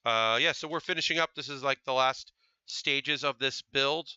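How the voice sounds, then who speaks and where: Bright chatty man streaming a model build. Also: mid-range voice, moderate pace, smooth, no echo, lo-fi sound. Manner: chatty, thinks aloud with fillers, speaks to chat. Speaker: livestreamer building model kits. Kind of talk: casual live-stream chat while building.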